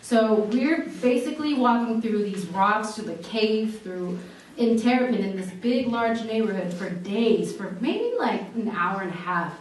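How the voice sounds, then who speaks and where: A young woman giving a halting eulogy for her grandmother at a memorial viewing, with many fillers and restarts. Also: mid-range voice, expressive. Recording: echoey hall, from far off, faint noise.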